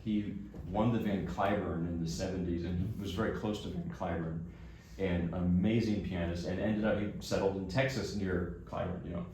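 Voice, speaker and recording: In a concert hall, a New Jersey classical pianist gives a recital talk, casually telling the audience a chatty, self-deprecating story. His deep voice is warm and steady at a normal speed, recorded from far off in an echoey hall with background noise.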